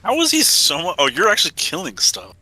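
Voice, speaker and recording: A man's voice: fairly high pitch, huge pitch swings, a little fast, sharp tone, dry recording, poor audio. A man in his forties streaming a game, telling rambling stories and laughing often. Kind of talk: casual gaming chat.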